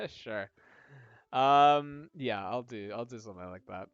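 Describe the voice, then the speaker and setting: A man casually narrating a tabletop-style game on a live stream, pausing often and asking his viewers for ideas. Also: medium pitch, clean tone, no room sound. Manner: hesitant, lots of ums, chatty with viewers. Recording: dull lo-fi audio with faint game music.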